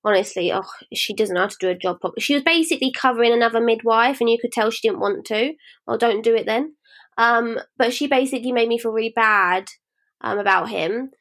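A woman's voice: fairly high pitch, fairly quick. A woman co-hosting a podcast, telling frank stories in casual chat and acting out what people said. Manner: frank, animated storytelling with acted-out quotes. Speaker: podcast co-host.

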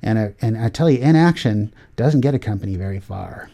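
A man's voice: lowish voice, expressive, a little fast, vocal fry, warm tone. A middle-aged man hosting a casual tech talk show, rambling with many fillers and restarts. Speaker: podcast host.

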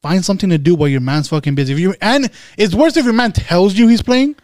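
A high-voiced man rants bluntly and swears freely. The sound is dry and close, with no room echo. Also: fast, a little mellow. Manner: blunt, profane ranting. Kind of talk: casual podcast chat among friends.

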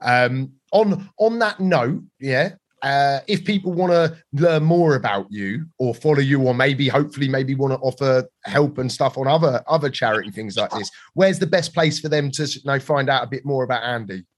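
A man's voice: mid-range voice, normal speed, hardly any pauses. A male interview host with a mid-range voice, asking his questions in an encouraging way. He often restarts and hesitates as he talks. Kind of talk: conversational interview.

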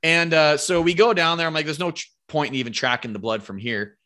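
A man telling hunting stories as a guest in a casual podcast interview, animated and rambling, with free swearing. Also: a little high, quick pace. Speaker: podcast guest, bow hunter.

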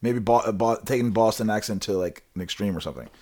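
Low-pitched guy rambling in a chat, lots of ums and restarts. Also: quick pace, darkish tone. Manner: rambling, many fillers and restarts, asks questions. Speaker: conversation partner. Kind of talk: casual chat.

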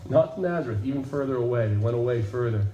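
A man preaching a sermon to a congregation, telling the story with jokes and acted-out voices before turning low and solemn. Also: fast talker, reverberant, muffled recording. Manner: animated, joking storytelling that drops to a low, solemn tone. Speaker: pastor. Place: church sanctuary.

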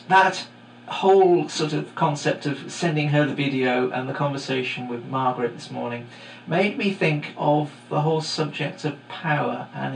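A man's voice: mid-range voice, gravelly, a bit bright. A middle-aged man hosting a podcast, talking in a casual, digressive way with many fillers. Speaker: podcast host and teacher. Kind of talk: rambling podcast monologue. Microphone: home microphone. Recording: echoey room, faint hum.

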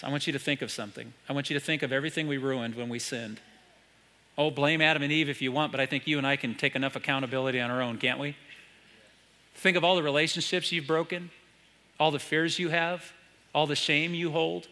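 A man's voice: fairly high pitch, bright, forceful tone. A man with an American accent preaching a sermon from a church stage, retelling stories and asking the congregation questions. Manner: storytelling, with rhetorical questions to the congregation. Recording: long hall reverb.

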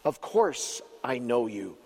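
A man voicing a calm, loving male shepherd who speaks softly and tenderly. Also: takes it slowly, vocal fry, breathy edge, big-room sound, exaggerated voice. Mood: gentle. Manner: low, soft and tender.

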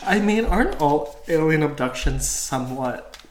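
A man's voice: a little high, expressive, normal speed, a little hiss or hum. A man co-hosting a casual podcast, chatty and joking with plenty of um fillers. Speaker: podcast co-host.

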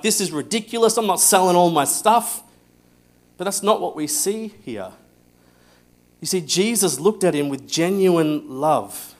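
A man preaching a sermon, telling a Bible story with energy, acting out the voices and often dropping to a hushed tone. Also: a little high. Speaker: pastor.

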